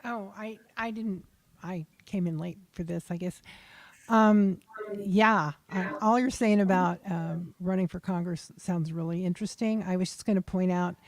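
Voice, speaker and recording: A woman's voice: fairly low pitch, moderate pace, darkish tone, no echo. A woman chatting wryly at a convention discussion. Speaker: panel participant. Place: convention meeting room.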